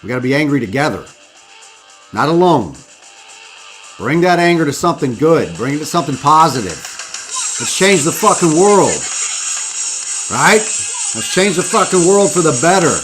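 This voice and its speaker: A man's voice: a little high, expressive, normal speed, pauses often, over music. Profane, fired-up male podcast host. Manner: profane, preachy, rallying the listener. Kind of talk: impassioned live-stream monologue.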